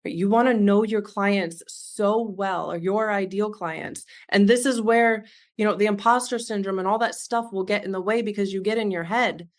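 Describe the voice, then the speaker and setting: A woman's voice: mid-range voice, fairly even intonation, moderate pace. Earnest woman coaching from the heart. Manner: earnest, heartfelt, speaks straight to the listener. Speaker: business coach. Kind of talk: motivational coaching talk.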